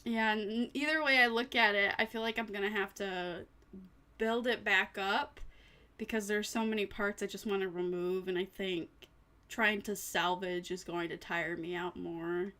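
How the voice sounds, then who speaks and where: A woman's voice: medium pitch, fairly even intonation, normal speed, sharp tone. A tired woman streaming casually, rambling to herself and her chat with little laughs. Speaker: vtuber streamer.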